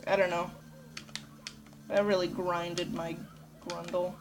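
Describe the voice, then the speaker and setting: A woman's voice: lowish voice, little pitch movement, slow, noisy background. A woman giving casual, rambling let's play commentary, swearing a lot. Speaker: gameplay commentator.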